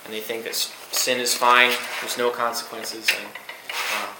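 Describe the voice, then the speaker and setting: A man's voice: medium pitch, level tone, moderate pace, roomy sound, background noise. A young man preaching to a youth group, reading Scripture aloud and teaching in a conversational way, full of rhetorical questions and fillers. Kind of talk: Bible teaching sermon.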